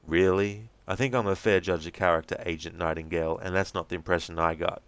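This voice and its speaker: A man's voice: deep voice, steady tone, fairly quick, fairly bright tone, clear, resonant tone, no echo. A man doing a resentful small-town radio host. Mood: defensive. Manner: stiff, resentful and formal. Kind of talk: reading game transcripts aloud with voices.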